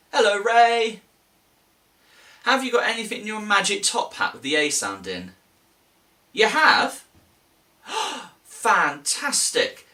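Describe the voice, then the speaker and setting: A man teaching a children's phonics lesson, sounding out letters with big gasps. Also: mid-range voice. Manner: animated, exaggerated gasps and sing-song letter sounds.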